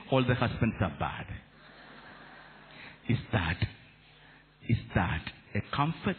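A man from India preaching a sermon as a Catholic priest, animated, asking rhetorical questions of his listeners. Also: mid-range voice, a little slow, pauses often. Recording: echoey hall over a tinny narrow line.

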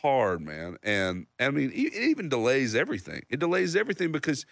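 A songwriter in his thirties telling a story in casual chat, acting out other people's lines in a loud, high voice. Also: fairly quick, vocal fry, no room sound, studio quality. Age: 30s. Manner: animated storyteller, acts out loud high-pitched quotes of others. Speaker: songwriter guest.

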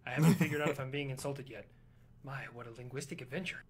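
A man voicing a pompous, condescending English gentleman. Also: mid-range voice, fairly even intonation, quick pace, breathy edge. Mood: haughty.

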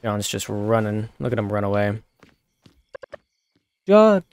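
A man's voice: lowish voice, monotone, a little fast, clear, resonant tone. Wry, swearing man gaming. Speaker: let's play gamer. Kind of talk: casual gameplay commentary.

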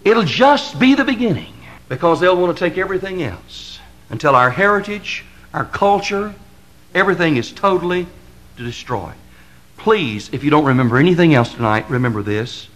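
A man's voice: fairly high pitch, lively intonation, fairly bright tone, rough recording. Fiery Southern-drawled preacher man. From American South. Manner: impassioned, building to emphatic crescendos; repetitive rhetorical cadence with drawn-out stresses. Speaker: pastor.

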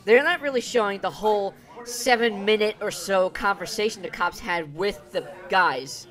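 A woman's voice: medium pitch, moderate pace, fairly bright tone, soft background music. A woman hosting a reaction video, giving blunt, profane, sarcastic commentary on clips.

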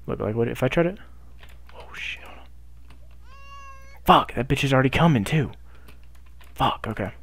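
A young man giving loud, profane gameplay commentary, hyped up and talking back to the game on screen. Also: medium pitch. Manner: loud, hyped, swears constantly, talks to the game. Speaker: gaming YouTuber.

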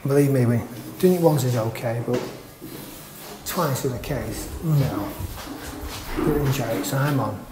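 A man's voice: mid-range voice, unhurried, long pauses, background noise. A man with a Manchester accent chatting through a casual vlog walkthrough of a small hotel room and stairwell, with jokey, wry asides. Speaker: travel vlogger reviewing a hotel.

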